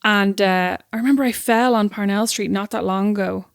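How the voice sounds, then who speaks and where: A podcast co-host with a mid-range, clean voice and some vocal fry talks briskly in casual conversation. An animated storyteller, she acts out the quotes of people in her stories, recorded dry with clean studio sound.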